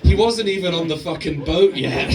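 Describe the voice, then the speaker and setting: A man's voice: sits high, recorded from a distance, heavy background noise. A man doing a stand-up set on stage, rambling, swearing and laughing at his own jokes. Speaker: stand-up comedian. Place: live venue stage.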